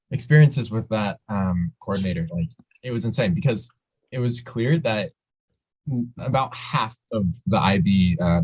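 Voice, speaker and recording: A young man in his twenties rambles through a casual podcast chat, hesitant and full of fillers. His voice is lowish and husky. The mic sounds dull and lo-fi. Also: darkish tone. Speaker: podcast co-host.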